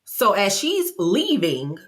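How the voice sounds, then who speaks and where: A woman talks through a reality show episode in a casual, gossipy way. She tells it with lively energy at a middle pitch, jumping into other people's voices as she goes. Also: slow pace. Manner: animated, gossipy storytelling, acts out quotes. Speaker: vlogger.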